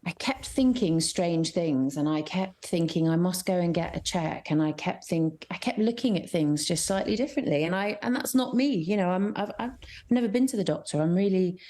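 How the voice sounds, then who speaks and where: Middle-aged actress guest from Scotland, lower register, candid and chatty with frequent restarts. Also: female voice, expressive, mellow. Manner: candid, chatty, many restarts and fillers, quick bursts. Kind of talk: radio interview.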